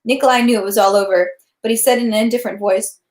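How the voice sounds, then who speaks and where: A woman reading a novel aloud, steady with small slips and restarts. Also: on the high side, fast, reverberant. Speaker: reader of a novel. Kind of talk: read-aloud narration.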